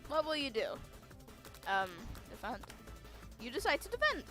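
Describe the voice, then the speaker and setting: A woman streamer playing a game on a close mic, reading the text aloud and reacting with loud exclamations. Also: high-pitched, moderate pace, faint music behind, poor audio. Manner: animated, exclaims, laughs and wheezes at the game. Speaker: gaming streamer.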